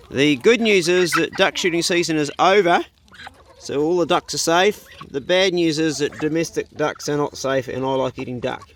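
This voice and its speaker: A man's voice: normal speed, slight background noise. A middle-aged man with a New Zealand accent, chatting casually to camera outdoors on a rural property. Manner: laid-back and chatty, with a higher, louder voice when talking to his dogs. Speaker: vlogger. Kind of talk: casual vlog talk to camera. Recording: guitar music playing under the voice.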